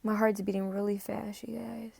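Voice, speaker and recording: A woman talking at home in a casual confessional monologue about a message she feels she received. She speaks haltingly, repeats phrases and sometimes drops to a near-whisper. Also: medium pitch, little pitch movement, vocal fry, mellow, slightly rough, no echo. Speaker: self-described spirit medium.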